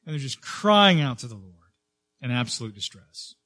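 A man preaching a sermon as pastor, earnest, with frequent fillers and restarts, rising and slowing to stress key words. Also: mid-range voice, very animated, bright, forceful tone.

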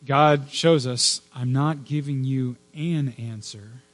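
A man preaching a sermon in an earnest, emphatic way, dropping to a hush at times. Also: medium pitch. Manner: earnest, emphatic with hushed pauses. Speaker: pastor.

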